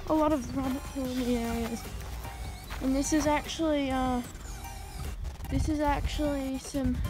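A woman's voice: sits high, rough recording. A woman vlogging outdoors on a farm, filming with a handheld phone and rambling casually with lots of ums. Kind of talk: casual vlog narration. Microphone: handheld phone camera.

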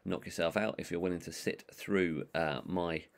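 A man giving an online training course, talking in a monotone with many ums and uhs. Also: low voice, normal speed. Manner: monotone, calls his own voice that. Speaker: management trainer.

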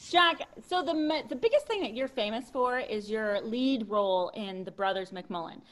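A woman's voice: on the high side, lively intonation, normal speed, a bit bright. A woman comedian hosting a variety show interview, asking eager, chatty questions over a video call. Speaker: comedian host.

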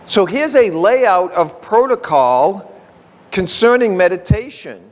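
A man delivering a relaxed, chatty sermon, his slightly raised voice ringing through a church with a long reverb. He talks in an easy, folksy way, then slows right down to read definitions one word at a time. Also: high-pitched. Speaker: pastor. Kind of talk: conversational sermon.

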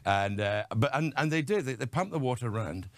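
A man's voice: mid-range voice, expressive, fairly quick, dry recording. A man, a wry actor guest telling stories in an interview. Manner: wry, storytelling. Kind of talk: relaxed interview answers.

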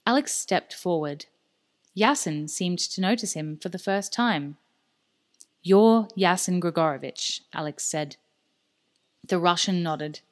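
Woman narrating an audiobook, lowish voice. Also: unhurried. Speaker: audiobook reader. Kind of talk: scripted narration.

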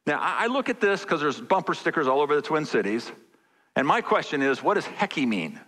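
A man's voice: a little high, sing-song, brisk, pushed and bright. A man preaching a sermon as pastor, conversational and repeating phrases for emphasis. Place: large church sanctuary. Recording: church hall reverb.

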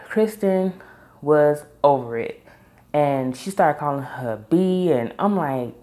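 Low, mellow-voiced woman dishing gossip. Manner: opinionated, gossipy, laughs often. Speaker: reality TV reviewer. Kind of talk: casual chat.

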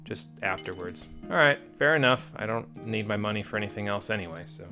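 A man's voice: lowish voice, lively intonation, brisk, over music. An American man streaming a game live, talking casually with sarcastic, profane, rambling asides. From United States. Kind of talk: live let's play commentary.

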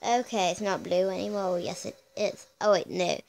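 A woman's voice: mid-range voice, steady tone, moderate pace, creaky, darkish tone. A woman giving casual reaction commentary as a vlogger, chatty and exclaiming, often calling out to her viewers. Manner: chatty, exclaiming, keeps addressing viewers as "you guys".

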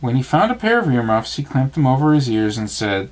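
Dad reading bedtime story, lots of ups and downs in his voice, expressive. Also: medium pitch, a little fast. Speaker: father reading to his child.

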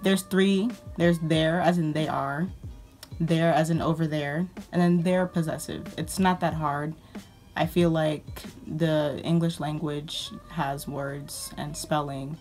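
A woman's voice: low-pitched, a little mellow. A woman vlogger ranting about her pet peeves in a sarcastic, exasperated way. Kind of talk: ranting casual monologue.

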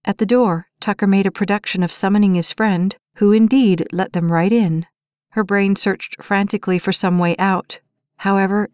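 A woman narrating an audiobook in an even, measured storytelling voice. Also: mid-range voice, dry recording, studio quality.

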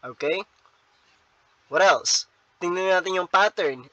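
Bright-voiced Filipino male teacher lecturing. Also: a little high, normal speed, no room sound, lo-fi sound. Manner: switches between English and Tagalog, frequent tag "no?"; explanatory, repeats key points for students. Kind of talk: online class lecture.

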